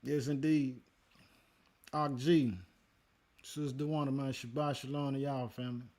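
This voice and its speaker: Casual man streaming a scripture talk, easygoing, talks straight to his chat at an ordinary pitch. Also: level tone, unhurried, a little mellow. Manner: laid-back, talks to the chat, calls listeners man and y'all. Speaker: livestream host teaching scripture.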